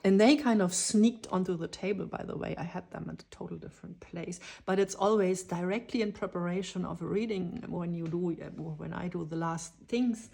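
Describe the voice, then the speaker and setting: A woman giving a dreamy, spontaneous channeled tarot reading, drifting into whispers and excited exclamations. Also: fairly low pitch, gravelly, slightly rough. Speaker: tarot reader.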